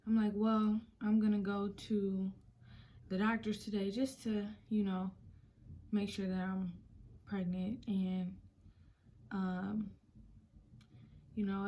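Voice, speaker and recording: A woman's voice: mid-range voice, warm tone, slight background noise. A young woman vlogger chatting casually, retelling a personal story and acting out quotes.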